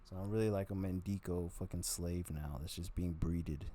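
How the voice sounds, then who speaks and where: Man, low-pitched, mellow dark tone, candid rambling storytelling, blunt with lots of swearing. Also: steady tone, moderate pace, slight background noise. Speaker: vlogger.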